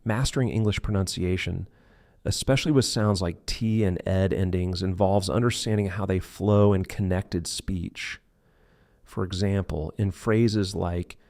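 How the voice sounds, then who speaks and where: A man teaching English pronunciation in a scripted lesson, slowly modeling example words one by one. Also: deep voice, fairly even intonation, darkish tone, no room sound, clean studio sound.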